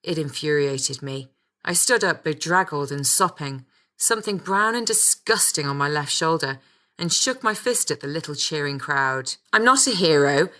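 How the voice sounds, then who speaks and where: A woman's voice: deep voice, lively intonation, moderate pace, bright, forceful tone. A woman reading a first-person audiobook with a wry, sardonic storytelling manner. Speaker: audiobook narrator.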